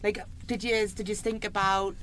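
A woman's voice: mid-range voice, flat delivery, moderate pace, a bit bright, slight background noise. A woman from Watford with a southern English accent, hosting a podcast and chatting casually with guests. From Watford, England. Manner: chatty, laughs easily. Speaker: podcast host. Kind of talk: casual interview chat. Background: chatter and laughter of several people.

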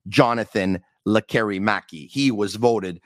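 A man's voice: fairly low pitch, a little slow, no echo. A man hosting a sports talk podcast, talking emphatically and repeating his points for effect. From Canada. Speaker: podcast host.

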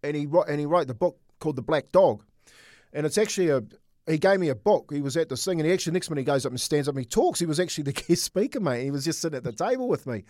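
A man's voice: fairly high pitch, animated, racing, darkish tone, no room sound, clean studio sound. A middle-aged man co-hosting a casual sports chat, telling a personal story earnestly with many restarts. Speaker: co-host.

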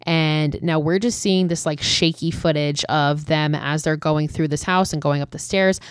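A woman's voice: deep voice, fairly even intonation, moderate pace, clear, resonant tone, no echo, clean studio sound. A young woman casually recapping a horror film, chatty and swearing often, with lots of "like". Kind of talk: casual chat.

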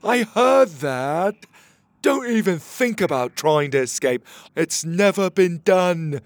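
A man voicing a blustering male porcupine prison guard who talks slowly and loudly in a storybook reading. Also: high voice, lively intonation, no echo, voice pushed up, full character voice. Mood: bossy. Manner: slow, bossy and loud.

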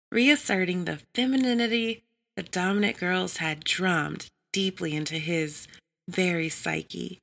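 A woman narrating an adult story in a measured, even reading style. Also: fairly low pitch, vocal fry.

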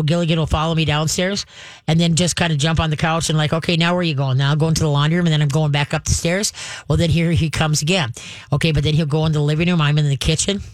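A woman's voice: sits low, no echo. Woman, radio call-in host, dog trainer, chatty and laughing, acts out the dog's thoughts, dry studio mic. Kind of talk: casual call-in advice.

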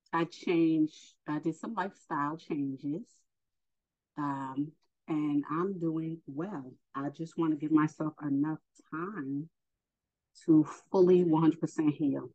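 A woman giving a casual spoken religious lesson, unhurried and hesitant with many fillers. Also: deep voice, mellow. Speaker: faith teacher. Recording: dull lo-fi recording.

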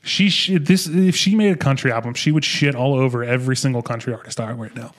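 A young man hosting a podcast, chatting casually and excitedly about an album, swearing and restarting his sentences. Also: mid-range voice, quick pace. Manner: excitable, profane, rambling with restarts. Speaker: podcast host. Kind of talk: casual music review chat.

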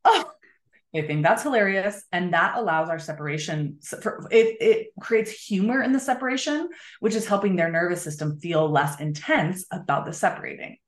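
A woman's voice: lowish voice, expressive, moderate pace, few pauses. A woman guest author talking in a conversational interview, explaining earnestly with frequent fillers. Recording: roomy echo.

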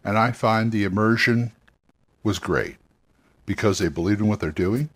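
A man's voice: fairly low pitch, moderate pace, fairly bright tone, slightly rough. A man hosting a talk show about roleplaying games, speaking in a casual, rambling monologue that often corrects itself and encourages listeners. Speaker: podcast host giving roleplaying game advice.

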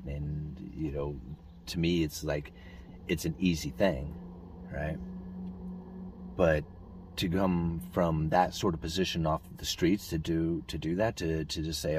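A man's voice: a bass voice, darkish tone, a little hiss or hum. A man hosting a podcast, talking through his thoughts in a rambling, reflective monologue full of restarts and "you know.". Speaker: podcast host. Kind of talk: casual monologue.

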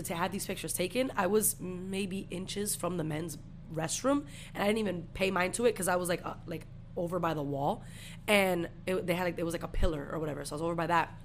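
A woman's voice: on the low side, fairly bright tone, a little hiss or hum. A young woman in her twenties, co-hosting a podcast, telling a story in casual, profane slang. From Puerto Rican family. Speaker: podcast co-host.

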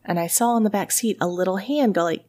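Animated woman telling a ghost story. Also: mid-range voice, fast talker. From Tennessee. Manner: animated, swearing, fillers like "like". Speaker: ghost story podcast host. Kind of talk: casual storytelling chat.

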